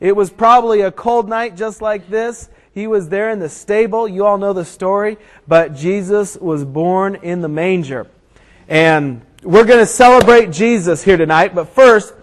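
High-voiced preacher telling a story. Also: male voice, moderate pace, rough recording. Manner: animated storyteller, builds to shouts at the climax. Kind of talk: storytelling sermon.

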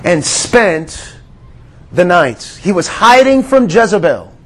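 A man preaching with a high voice, earnest and conversational, talking to his listeners as friends. He sinks to a near whisper on the quiet lines and then lifts his voice again to stress a point. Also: very animated, slow pace. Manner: earnest, drops to a hush on quiet words. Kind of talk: sermon.

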